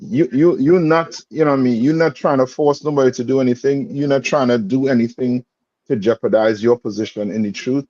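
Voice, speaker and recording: A man's voice: medium pitch, fairly quick, dark tone, dry recording. A man teaching a scripture class in plain street talk, quizzing his student with repeated "you understand?" checks. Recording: dull lo-fi sound.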